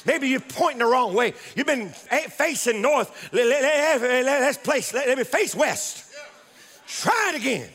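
A man voicing a frustrated, scheming king who is bossy and exasperated, with a high, loud voice. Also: lively intonation, unhurried, in a large hall, exaggerated voice.

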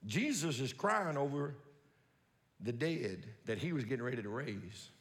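A man preaching a sermon as pastor, folksy and reading scripture aloud, swinging from quiet musing to loud preaching. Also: medium pitch, expressive, measured pace, long reverb tail.

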